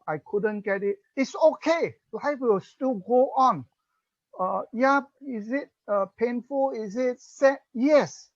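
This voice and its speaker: A Singaporean English speaker talks through parenting advice at an unhurried pace, acting out what a parent and child might say. The voice sounds dry and close, and the recording is dull and muffled. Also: mid-range voice, dry recording. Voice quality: slow explaining, mixes in Chinese phrases. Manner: acts out parent-child dialogue, chuckles often. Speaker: parenting talk guest speaker. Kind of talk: parenting talk.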